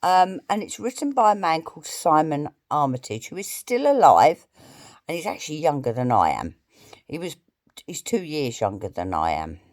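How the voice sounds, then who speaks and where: A woman's voice: low-pitched, sing-song, darkish tone, no echo, studio quality. A woman in her fifties, an English teacher, giving a recorded homework lesson and explaining things patiently, step by step. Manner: reads the poem slowly and deliberately.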